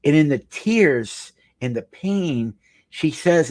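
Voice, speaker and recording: A man's voice: on the high side, animated, takes it slowly. A middle-aged male marriage counselor telling a client story in an earnest, emphatic way, often repeating phrases for weight. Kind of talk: storytelling talk.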